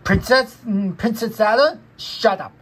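A woman's voice: mid-range voice, measured pace, slightly rough, voice pushed up. A woman voicing a cross cartoon boy who scolds bugs in a fan dub over film clips, bossy and repetitive with little hums between words.

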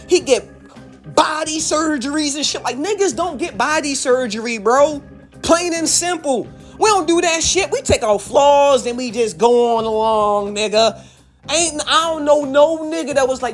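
A pumped-up woman from Baltimore rants straight to camera, her pitch sitting a little high and swinging widely. She curses freely and hammers the same phrases over and over for emphasis. Faint music plays underneath. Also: moderate pace. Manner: animated, profane, repeats phrases for emphasis. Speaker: YouTube commentator and rapper. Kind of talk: hyped reaction rant to camera.

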